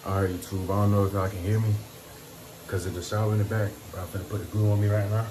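A man's voice: on the low side, level tone, quick pace, background noise. A young man chatting casually to his viewers in a prank vlog, slangy and repetitive, recorded at home near a running shower. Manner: slangy, chatty, repeats himself. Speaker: prank vlogger. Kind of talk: casual vlog talk to camera.

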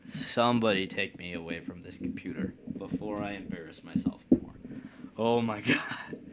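The same Indiana let's play host speaks at a moderate pace in a low voice over a very noisy recording. At his home computer, he gives rambling, jokey gameplay commentary and makes fun of himself.

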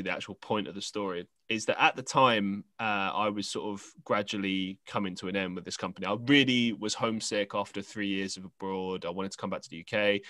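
A lower-pitched English man hosting a podcast in a loose, meandering storytelling style. His voice has a bright, forceful edge, recorded close and dry on a podcast microphone with no room sound. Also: no echo. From England. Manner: rambling and chatty, with many fillers and restarts. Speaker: podcast host. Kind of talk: casual conversational storytelling.

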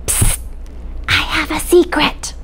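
A woman's voice: takes it slowly, fairly bright tone. A woman voicing a playful, secretive pig in a picture-book reading, in a conspiratorial tone. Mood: sly.

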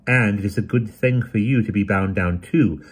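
A man voicing a brisk, severe young woman who speaks in a crisp, emphatic, commanding way. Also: fairly low pitch.

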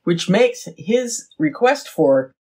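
A woman recaps a TV episode for her podcast at an unhurried pace, laughing as she reacts. Her voice is a little husky and moves widely in pitch. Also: big pitch swings, darkish tone. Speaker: podcast co-host. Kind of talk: casual recap chat.

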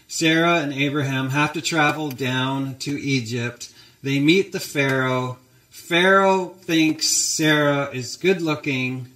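A man's voice: a little high, a bit bright. A male pastor preaching a sermon, telling a story and addressing the congregation directly. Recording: roomy church echo.

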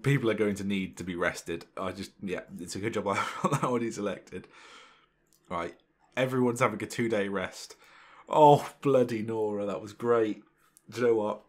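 A young man commentating his football management game, excitable and exclaiming when things go his way. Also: fairly low pitch, normal speed. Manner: excitable, swearing mildly in exclamations. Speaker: gaming channel host. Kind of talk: gameplay commentary.

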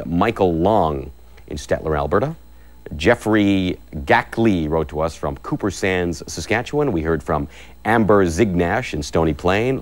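Upbeat man hosting kids' TV. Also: lowish voice. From Canada. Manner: upbeat, chatty, reading out viewer names. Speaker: TV host. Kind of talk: live local kids' TV hosting. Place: TV studio.

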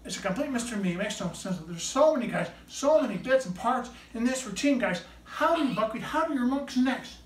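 A woman presenting her pet bird's tricks in showman patter, animated and coaxing as she praises the bird. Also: a little high, fairly quick, few pauses. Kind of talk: showman patter to a live audience. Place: indoor room with a pet bird. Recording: echoey room, mic at a distance, faint noise.

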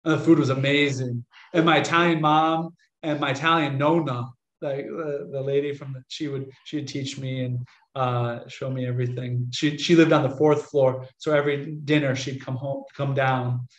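A young American man, a Catholic priest, telling stories to an audience in a chatty, animated way and acting out the voices of people he quotes. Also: medium pitch, normal speed. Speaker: Catholic priest giving a talk. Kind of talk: casual storytelling lecture. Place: room with an audience. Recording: echoey lecture room.

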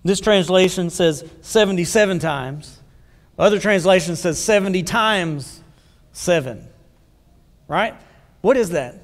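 High-voiced pastor preaching in a hall. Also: male voice, animated, unhurried, pauses often. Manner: conversational preaching, asks the congregation questions. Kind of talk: sermon. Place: church sanctuary.

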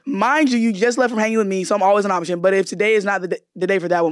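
A woman's voice: medium pitch, rapid-fire, no echo, studio quality. A woman hosting a podcast, bantering in a flirtatious, profane, casual way. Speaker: podcast host. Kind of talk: casual chat.

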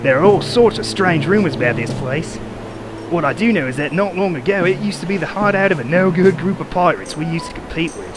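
A man's voice: a little high, expressive, brisk, noisy background, pitched above the performer's own voice, lightly acted. A man putting on a bossy young pirate girl with a Cockney lilt. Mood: commanding. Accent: put-on Cockney, then Australian.

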